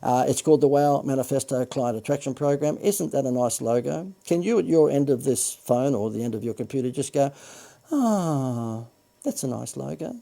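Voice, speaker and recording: Gravelly, dark-voiced Australian man pitching. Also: fairly quick, hardly any pauses. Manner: chatty, joking asides, frequent "uh" and self-corrections. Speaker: marketing coach hosting a livestream. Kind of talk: Facebook Live sales pitch.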